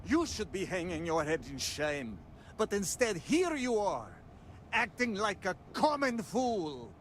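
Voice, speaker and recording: An indignant, furious brother. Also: male voice, high voice, big pitch swings, a little slow, a little hiss or hum. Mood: disgusted. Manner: stern, indignant, formal speech. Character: proud, furious adult man shaming his brother.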